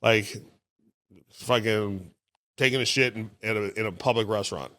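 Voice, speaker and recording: A man, a stand-up comedian guest, telling stories in a casual, profane, animated way. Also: fairly low pitch, normal speed, no room sound, clean studio sound. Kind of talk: casual storytelling.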